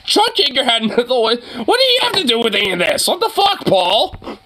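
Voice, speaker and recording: A man hosting a casual chat, reacting to a news clip with excited, profane rants. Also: very high voice, moderate pace.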